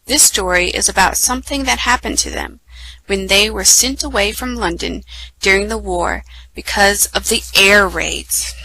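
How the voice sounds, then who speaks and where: A woman reads a children's book aloud to her listeners with a bright, clear voice. She keeps it lively and now and then stumbles over a name and corrects herself. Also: mid-range voice, slight background noise, poor audio. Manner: lively, with small slips and self-corrections. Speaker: storytime reader.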